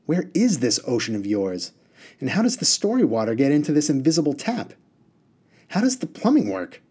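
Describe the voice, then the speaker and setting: An earnest young boy from a storybook, polite but firm, pressing his questions and demands, as a man reading aloud voices him. he speaks plainly and with quiet determination. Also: fairly high pitch, wildly swooping pitch, normal speed, husky, heavily acted. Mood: puzzled.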